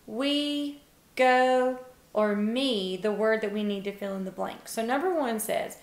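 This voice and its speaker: Young woman teacher, fairly high voice, unhurried encouraging phonics lesson, roomy echo. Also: a little hiss or hum. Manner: slow, encouraging, sounds words out with pauses. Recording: echoey room.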